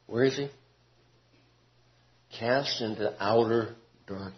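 A man teaching a Bible class. He talks expressively, rising to emphatic peaks and dropping to quiet asides. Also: mid-range voice, slow pace, long pauses. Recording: dull lo-fi classroom recording.

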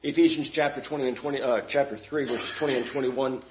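A man preaching a sermon, asking rhetorical questions and swinging between loud emphatic lines and quiet ones. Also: medium pitch, fairly even intonation, quick pace. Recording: dull lo-fi sound.

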